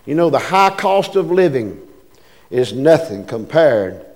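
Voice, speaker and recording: A man's voice: medium pitch, sing-song, measured pace, a little mellow, big-room sound. A man preaching a sermon as pastor, folksy and emphatic, often calling out to his congregation.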